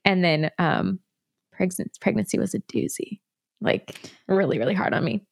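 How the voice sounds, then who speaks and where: Woman, 30s, slightly low voice; candid, rambling storyteller in an interview. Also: animated, moderate pace, creaky. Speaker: guest. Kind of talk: personal story in conversation.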